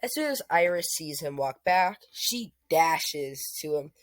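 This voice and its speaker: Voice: mid-range voice, lively intonation, a little slow, no room sound. A young adult improvising a fan story, rambling with many fillers and restarts.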